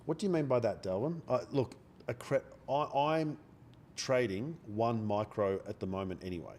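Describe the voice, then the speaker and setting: Quiet man with a cold. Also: medium pitch, moderate pace, slight background noise. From Australia. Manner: speaks quietly, blunt and swearing. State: has a cold. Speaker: day trader live-streaming. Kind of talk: quiet live-stream chat. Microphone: microphone held very close.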